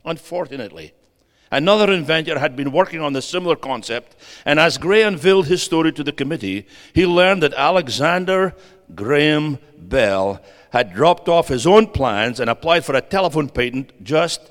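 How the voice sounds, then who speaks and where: Middle-aged preacher in a reverberant church. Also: male voice, on the high side, normal speed. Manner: energetic, rising to emphatic bursts and urging the audience to respond. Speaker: guest preacher. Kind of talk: sermon. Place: church sanctuary.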